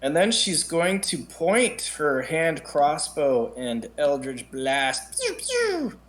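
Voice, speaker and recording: A man playing a tabletop game, planning his character's turn slowly and deliberately. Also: a little high, a bit bright. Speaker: player.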